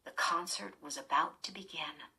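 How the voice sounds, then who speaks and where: Bright, husky woman narrating a story. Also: sits low, normal speed, low-quality recording. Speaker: audiobook narrator. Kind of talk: scripted horror story narration.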